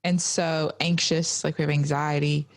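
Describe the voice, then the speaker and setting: A woman's voice: deep voice, level tone, moderate pace, creaky. A woman in her thirties in casual conversation, chatty and full of filler words. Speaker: podcast co-host. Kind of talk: casual chat.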